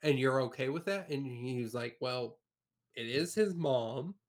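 A man's voice: medium pitch, expressive, unhurried. Blunt, profane man in his late twenties. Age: late 20s. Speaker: podcast host. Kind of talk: casual podcast chat.

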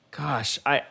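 A man's voice: medium pitch, gravelly, pushed and bright, slightly rough. A man co-hosting a podcast in casual chat, laid-back and rambling with lots of fillers. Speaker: podcast co-host.

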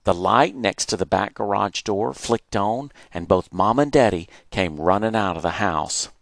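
A man reading his childhood memoir aloud, animated and acting out the moments he retells. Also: fairly low pitch, measured pace, creaky, no room sound, studio quality. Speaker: storyteller.

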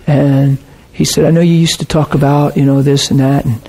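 A man with a husky, slightly breathy voice delivers a sermon. He speaks with earnest intensity and brings a personal story to life by voicing both sides of the exchange. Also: mid-range voice, little pitch movement, moderate pace, dark tone. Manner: earnest, intense, retells quoted dialogue.

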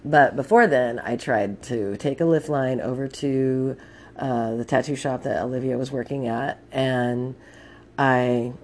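A woman's voice: rumbling low, a little slow, slight background noise. A young woman telling a rambling, profane story in a casual spoken letter.

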